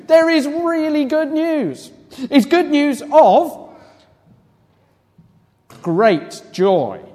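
A high-voiced man leads a family church service, lively and rousing as he gets the children cheering. His voice rings out with long reverb in a large hall. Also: very slow, pauses often. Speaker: church leader. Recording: echoey hall.

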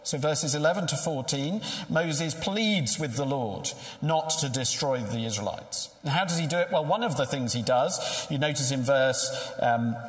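A man's voice: a little high, lively intonation, normal speed, hardly any pauses. A man preaching a sermon in a conversational way, asking rhetorical questions. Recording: echoey hall with long reverb.

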